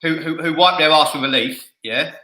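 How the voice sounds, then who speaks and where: Bright, blunt man in echoey room. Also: fairly high pitch, moderate pace. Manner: jokey, blunt, stammers. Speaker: fan show host. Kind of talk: casual podcast debate. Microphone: headphones and studio mic.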